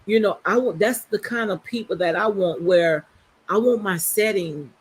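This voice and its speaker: Chatty Southern woman with a husky voice. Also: medium pitch, normal speed. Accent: Southern US, Louisiana. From Southern US, New Orleans area. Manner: chatty, many "girl" and "you know" fillers. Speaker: livestream host. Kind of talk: casual chat on a livestream.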